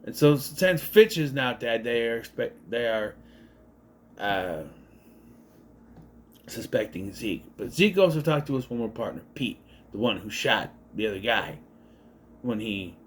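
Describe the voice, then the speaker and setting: Casual male movie reviewer, lively delivery, sarcastic and fed up. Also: mid-range voice, a little slow, long pauses, slight background noise. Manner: exasperated, sarcastic, swears often. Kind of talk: casual movie recap and rant.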